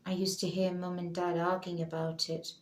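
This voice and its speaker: A woman voicing a lonely, troubled young man, quiet and weary. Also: high voice, monotone, normal speed, a little hiss or hum, lightly acted. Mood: bitter. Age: young adult. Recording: roomy echo.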